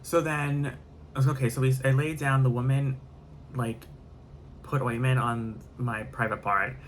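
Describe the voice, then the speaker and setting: A man recounting a story in a casual vlog, candid and rambling as he piles on the graphic details. His voice sits at an ordinary middle pitch, and a faint background noise runs underneath. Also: steady tone, measured pace.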